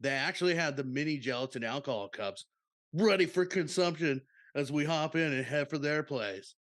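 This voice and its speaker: A man's voice: on the high side, normal speed, a bit bright, pitched above the performer's own voice, lightly acted. A man doing a laid-back surfer-dude voice as he reads out a listener's story, drawling and calling everyone dude and bro. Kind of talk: comic reading of a listener submission.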